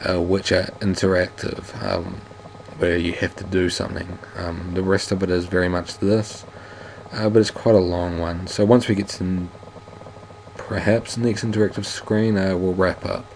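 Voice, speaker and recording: A man's voice: low voice, flat delivery, normal speed, gravelly, a little mellow, a little hiss or hum, rough recording. A man playing a game and reading its narration aloud, stumbling over words now and then and adding casual asides in an odd put-on reading accent. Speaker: let's play host.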